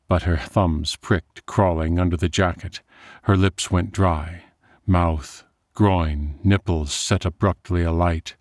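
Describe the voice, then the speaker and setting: A deep-voiced man reads a dark story slowly and with careful atmosphere. The recording is dry and close, with no room sound. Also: fairly even intonation, no room sound. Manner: measured, atmospheric. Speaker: narrator. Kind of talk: scripted story narration.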